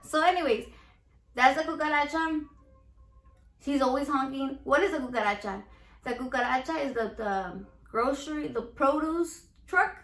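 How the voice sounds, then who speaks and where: A Mexican American woman with a Chicano English accent hosts a casual home cooking vlog. She talks in a brash, playful, profane way, and her voice sits a bit high. The sound bounces around a roomy home kitchen. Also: moderate pace, fairly bright tone. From United States, Mexican American. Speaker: home cook and salsa seller. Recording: echoey room.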